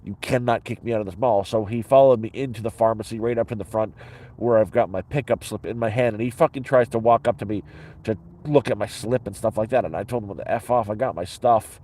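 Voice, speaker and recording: A man with a somewhat low voice talks straight to his audience in a loose, rambling way. He is blunt and swears freely, often stopping and restarting his sentences. He sounds like he is chatting casually from inside his sleeping bag. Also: quick pace, warm tone. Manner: blunt and profane, with many restarts. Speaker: vlogger. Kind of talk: casual rambling storytelling to camera.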